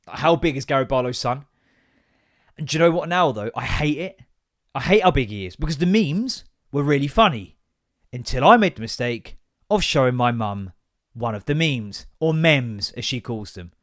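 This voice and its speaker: A man, hosting a casual solo podcast and ranting in a sweary, sarcastic, animated way. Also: medium pitch, moderate pace, long pauses. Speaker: podcast host.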